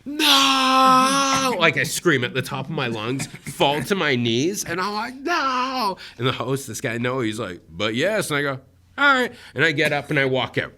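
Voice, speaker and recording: A man from Egypt with a bright, clear voice, telling a comic story on a podcast. He talks casually and slips into quoted voices as he goes. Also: medium pitch, fairly quick, few pauses. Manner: animated, acts out quoted voices. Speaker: comedian guest.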